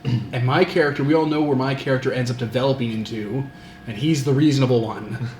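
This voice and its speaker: A man tosses off jokes in an easy, casual chat at a middling pitch. The sound has an echoey, roomy quality. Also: darkish tone, slight background noise. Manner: joking, quick pop-culture riffs. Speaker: player. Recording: echoey room.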